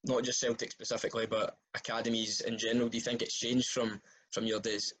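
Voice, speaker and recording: A man interviewing a guest, asking relaxed questions and giving short encouraging replies. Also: mid-range voice, quick pace, a little hiss or hum, poor audio. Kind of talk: casual interview.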